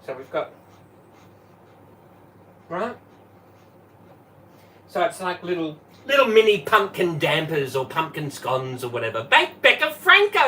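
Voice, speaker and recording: A talkative man runs a live cooking stream from his kitchen, greeting viewers and laughing easily. His voice is raised and bouncy with a bright, forward edge. He sits a bit back from the microphone, so the sound is slightly distant. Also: on the high side, a little hiss or hum. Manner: chatty, greets viewers by name, laughs often. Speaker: livestream host and former Tupperware manager. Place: home kitchen. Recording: voice from a distance off the mic.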